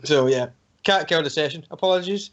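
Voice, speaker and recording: Guy cohosting a podcast, kinda high voice, rambly and jokey, laughs a lot, dull lo-fi call audio. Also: fast talker. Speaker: podcast co-host. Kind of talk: casual chat. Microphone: home computer microphone on an online call.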